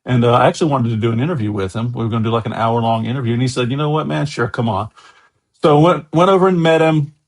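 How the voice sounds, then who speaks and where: A man's voice: medium pitch, very fast, few pauses. An American man, a guest on an interview show, telling long enthusiastic anecdotes in a casual, chatty way. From USA.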